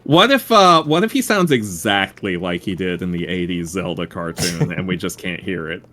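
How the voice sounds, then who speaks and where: Male stream host, expressive pitch, nerdy and chatty. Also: moderate pace. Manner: nerdy, laughing, full of franchise trivia. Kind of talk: casual game-stream chat.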